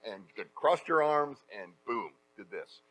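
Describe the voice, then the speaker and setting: Middle-aged man, voice actor, energetic storyteller, panel talk. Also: fairly high pitch, unhurried, poor audio. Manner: energetic storyteller, acts out quotes.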